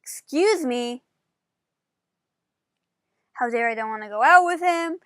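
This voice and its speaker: So like a high-voiced woman telling a story to her camera, super chatty, fillers everywhere, dry mic. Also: slow, dry recording. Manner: animated, chatty, many "like" fillers. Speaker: vlogger.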